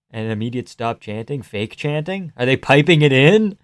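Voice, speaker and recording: A young man hosting a livestream, reacting to a fight with casual, profane commentary, yelling advice at the fighters and laughing often. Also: medium pitch, normal speed, hardly any pauses. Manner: excitable, profane, yells at fighters, frequent laughs. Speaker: livestream host.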